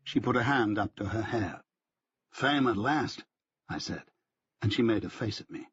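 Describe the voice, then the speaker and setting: Man, audiobook narration, mid-pitched, husky, dry understated delivery, muffled recording. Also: fairly bright tone. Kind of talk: first-person novel narration.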